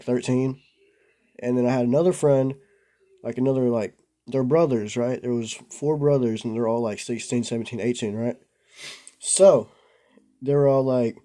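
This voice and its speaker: In a medium-pitched, mellow voice, this young vlogger casually spins a meandering story for the camera. Slang and fillers run throughout, "bro" and "like" most of all, in an easygoing manner.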